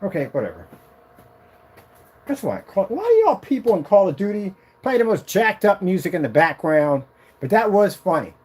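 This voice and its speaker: A man casually demonstrating a projection screen on a vlog, excited and rambling, boasting about his product. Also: moderate pace, husky. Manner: sings snatches of a tune in a high voice.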